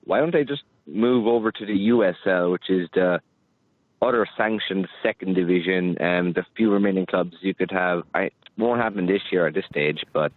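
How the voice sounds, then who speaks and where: A male caller on a tinny phone line, with a fairly low voice. He puts his question hesitantly, and his sentences rise in pitch at the end. The line sounds dry and narrow. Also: dry recording. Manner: hesitant, rising intonation.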